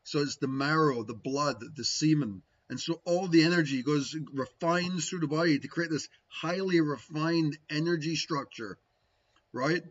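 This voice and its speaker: A man's voice: a little high, moderate pace, slight background noise. Rambling man with muffled lo-fi sound. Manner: rambling, frequent "right?" tags, musing. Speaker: spiritual teacher answering viewers. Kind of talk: casual livestream talk.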